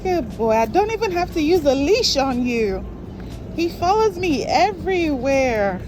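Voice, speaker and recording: A woman's voice: high voice, very animated, a little slow, background noise. A young woman vlogger talking to her new puppy, coaxing and praising him in affectionate baby talk.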